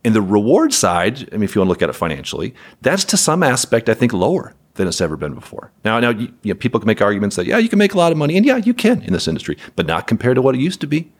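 A man's voice: mid-range voice, wildly swooping pitch, rapid-fire, few pauses. A man who runs a property management company, speaking as a podcast guest in a candid, wry way with chuckles. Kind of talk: podcast interview conversation.

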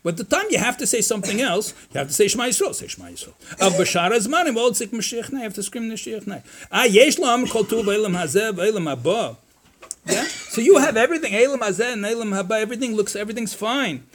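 A rabbi with a fairly high voice leads a Torah class in an animated, conversational way. He weaves Hebrew and Yiddish quotes into his English and voices imagined objections sarcastically. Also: quick pace, slight background noise.

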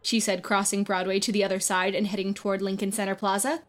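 A woman reading a short story aloud as narrator, in an expressive, lively storybook style. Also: mid-range voice, fast talker, hardly any pauses. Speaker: audiobook reader.

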